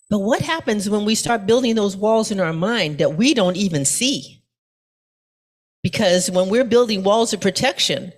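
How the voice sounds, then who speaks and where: A middle-aged woman pastor giving a sermon in a conversational storytelling way, full of asides and fillers. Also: medium pitch.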